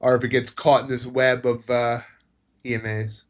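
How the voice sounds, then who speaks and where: A man streaming live trades, talking in low-key, half-mumbled asides about the charts as they move. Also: little pitch movement, moderate pace. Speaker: trading streamer. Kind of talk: live trading commentary.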